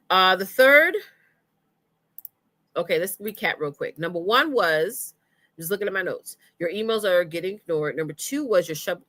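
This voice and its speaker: Bright-voiced woman coaching on a live stream. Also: lowish voice, no echo. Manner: chatty, greets viewers by name, says y'all and sis. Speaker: email marketing coach hosting a live stream. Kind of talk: casual live-stream teaching.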